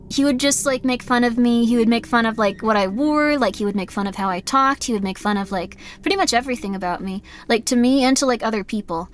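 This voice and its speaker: A woman's voice: a little high, slight background noise. A young adult woman chatting on a live game stream, rambling candidly, apologizing often and filling her talk with "like". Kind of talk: casual live-stream chat.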